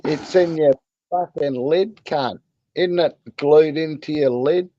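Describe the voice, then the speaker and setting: A man's voice: fairly high pitch, slow, warm tone. An Australian man co-hosting a casual late-night livestream chat, laid-back, swearing and laughing often. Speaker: livestream co-host. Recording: muffled lo-fi stream audio.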